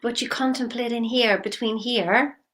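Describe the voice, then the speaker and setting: A woman's voice: fairly high pitch, fairly even intonation, moderate pace, fairly bright tone. A woman giving a motivational talk as a coach, firing repeated questions at the listener.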